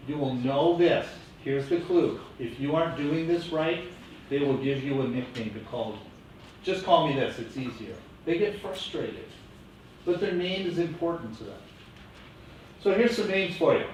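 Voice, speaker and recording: A man teaching a classroom lecture, lively and coaching his students. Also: fairly high pitch. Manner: lively, coaching students through name pronunciation. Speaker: teacher educator. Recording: echoey classroom from far off, faint hiss.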